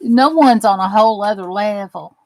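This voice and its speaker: A woman with a Southern US accent chats with viewers on her craft channel as she works, warm-hearted and drawling with folksy phrases. Her mid-range voice moves at normal speed, and the low-quality recording has no room sound.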